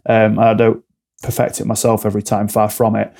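Guesting on a podcast, an alcohol-free coach speaks candidly and explains by performing brief back-and-forth dialogues. His lowish voice is gravelly and dark, delivered completely flat and a little fast.

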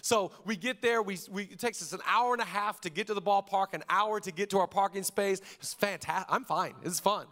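A male pastor in his thirties preaching, moving from hushed prayer to lively, jokey storytelling. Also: sits high, brisk, hardly any pauses. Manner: lively, jokey storytelling with exaggerated quoted voices.

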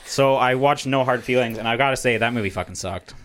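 A man's voice: mid-range voice, quick pace, a bit bright. A man co-hosting a casual podcast, ranting bluntly and swearing about movies he disliked. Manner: blunt, profane, opinionated ranting. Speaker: podcast co-host. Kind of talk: casual chat.

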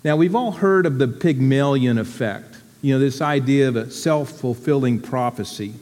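A man giving a sermon to his church community in a reflective, unhurried, deliberate way. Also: mid-range voice, a little mellow, long reverb tail.

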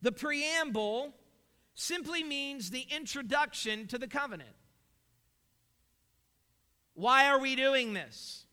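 A man's voice: extremely high pitch, takes it slowly, pauses often, bright, forceful tone, clean tone. A man preaching a sermon, emphatic and full of rhetorical questions. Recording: long hall reverb.

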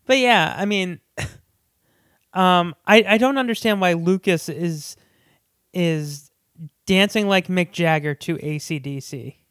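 Guy on a podcast roasting a movie, smooth clear voice, dry close mic. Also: sits high, takes it slowly, long pauses, a bit bright, no echo. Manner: jokey, acts out characters' lines in silly voices. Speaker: podcast co-host. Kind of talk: casual movie-review chat.

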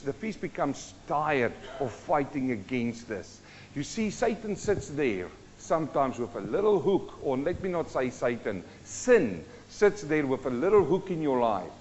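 A man's voice: fairly high pitch, darkish tone, a little hiss or hum. A man preaching a sermon, asking his congregation questions as he teaches. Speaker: pastor. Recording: dull sound with long hall reverb.

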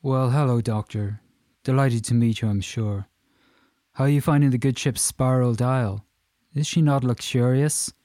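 A man voicing a stocky, white-haired Irish man in his fifties with an Irish accent, effusive and boastful, talking fast. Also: mid-range voice, steady tone, dark tone, no echo, clean studio sound, lightly acted. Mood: boastful chatty. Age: 50s.

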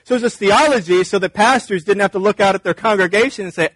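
Emphatic husky male preacher. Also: high voice, quick pace, hardly any pauses, a bit bright, no room sound. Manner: emphatic, conversational, acts out dialogue. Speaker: pastor. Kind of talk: sermon.

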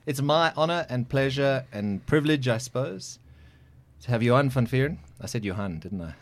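A man's voice: mid-range voice, lively intonation, moderate pace. A man hosting a podcast interview, chatty and joking, often correcting himself. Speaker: podcast host. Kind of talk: casual interview chat.

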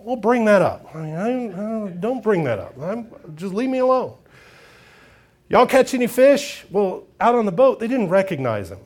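Pastor guy preaching, high voice, really lively storytelling. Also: moderate pace, hardly any pauses. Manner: expressive storytelling, acts out quotes. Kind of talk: sermon.

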